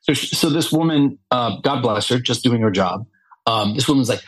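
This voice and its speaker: A man from California, a guest actor, talking casually on a podcast and often pausing to search for words with many fillers. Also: mid-range voice, lively intonation, slightly rough, no echo, low-quality recording.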